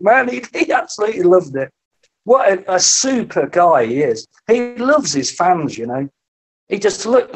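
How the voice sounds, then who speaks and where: A middle-aged man, a podcast guest telling lively anecdotes in casual conversation and acting out the voices he quotes. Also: fairly high pitch. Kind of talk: storytelling in a casual interview.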